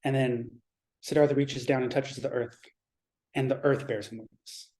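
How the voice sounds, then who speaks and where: A man giving a Zen dharma talk in a reflective, measured way, pausing and restarting his thoughts. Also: mid-range voice, fairly even intonation, darkish tone.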